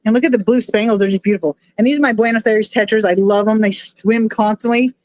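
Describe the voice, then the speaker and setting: A woman's voice: a little high, steady tone, quick pace, darkish tone, dry recording, poor audio. A woman live-streaming from her phone at home, swearing and grumbling at her equipment while she shows her fish tanks to the chat. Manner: frustrated, swears a lot, talks to chat. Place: home room with aquariums.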